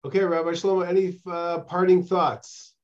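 A man's voice: sits high, little pitch movement, normal speed, darkish tone. A man moderating a class and briefly calling on people for questions. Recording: distant and dull lo-fi.

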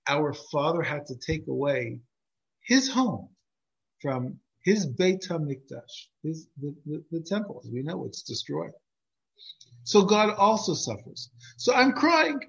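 A man voicing a pious elderly grand rabbi who speaks earnestly and gently, heard on a dull lo-fi recording. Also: fairly high pitch, big pitch swings, unhurried, creaky, full character voice.

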